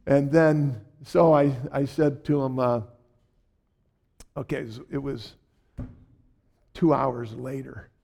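Older guy preaching slow, gravelly voice, rambles and chuckles a lot. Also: mid-range voice, little pitch movement, a little mellow. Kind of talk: storytelling sermon.

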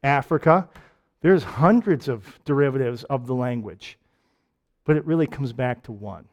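On a lo-fi recording, a Michigan-accented man preaches at a moderate pace in a mid-range voice. His sermon feels like conversation, packed with jokes and rhetorical questions, and he shifts from loud to quiet and back.

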